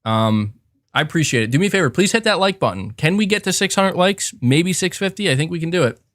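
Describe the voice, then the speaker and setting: A man hosts a live podcast, talking loosely to his chat with many fillers, restarts and asides. His fairly high voice swoops in a lively way, and the close mic sound is dry with no room echo. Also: fast talker. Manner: rambling, self-reflective, frequent fillers and restarts. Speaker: podcast host. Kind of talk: casual livestream chat.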